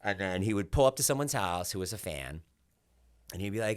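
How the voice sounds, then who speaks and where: Guy in his 40s on a podcast, lowish voice, swings all over when he tells a story. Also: brisk, dry recording, clean studio sound. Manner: animated storyteller, acts out quotes loudly. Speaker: podcast guest. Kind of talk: casual chat.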